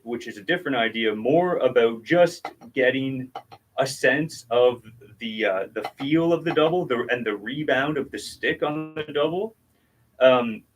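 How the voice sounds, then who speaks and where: On a livestream with a little hiss or hum, a man teaches drums casually, patiently explaining technique and counting strokes during his demonstration. His voice is medium in pitch and fairly bright in tone.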